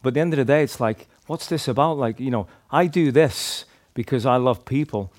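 In clean studio sound with no echo, a man of medium pitch recounts his street evangelism a little fast. His casual testimony rambles, with restarts and plenty of "like" and "you know".

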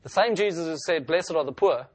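A man delivers a sermon with earnest conviction. His voice sits a little high, and he lifts it when he reads scripture aloud. The recording is dry and close, with no room echo. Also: a little fast. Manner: earnest preaching, voice rising to read scripture aloud. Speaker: preacher.

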